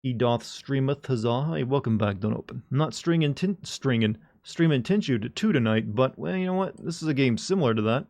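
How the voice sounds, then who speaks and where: A man's voice: medium pitch, animated, brisk, gravelly, few pauses, a little mellow. A man chatting casually to his live-stream audience, joking and rambling with frequent restarts. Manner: joking, rambling, talks to chat.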